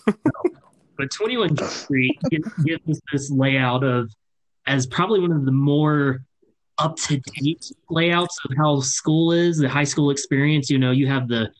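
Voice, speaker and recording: A man's voice: on the high side, poor audio. A man co-hosting a podcast in casual chat, explaining at length with many fillers. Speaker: podcast co-host.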